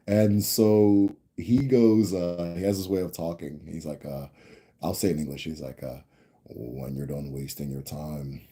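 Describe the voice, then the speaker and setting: Guy on a livestream telling a story, low husky voice, kinda rambly with lots of restarts. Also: dark tone. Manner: rambling, with many restarts and tag questions. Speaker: host answering viewer questions. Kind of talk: casual storytelling on a live stream.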